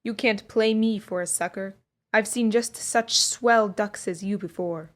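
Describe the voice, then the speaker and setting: A woman's voice: medium pitch, measured pace, lightly acted. A woman voicing a surly, foul-mouthed male stage driver who growls his lines. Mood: hostile.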